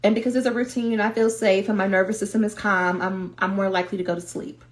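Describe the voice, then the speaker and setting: A woman's voice: mid-range voice, steady tone, fast, natural voice. A woman voicing a stubborn little toddler at bedtime, talking in short, plain sentences. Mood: calm.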